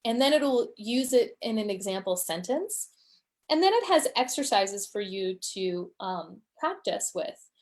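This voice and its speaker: A woman test-prep teacher answers questions in a casual live session. She talks at a slow, unhurried pace in a mid-range voice. Her explanations wander through fillers and restarts. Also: mid-range voice, sing-song. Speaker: TOEFL teacher.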